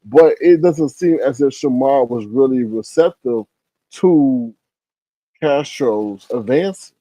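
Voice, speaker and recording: A middle-aged man commentating on a livestream, telling a story with expressive, acted-out quotes. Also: medium pitch, slow, no echo, low-quality recording.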